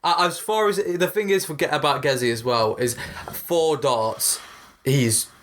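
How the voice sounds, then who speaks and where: A man's voice: fairly high pitch, measured pace, a bit bright. A man co-hosting a casual sports podcast, talking eagerly with lots of restarts and fillers. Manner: rambling, restarts often, enthusiastic about darts. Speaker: podcast co-host.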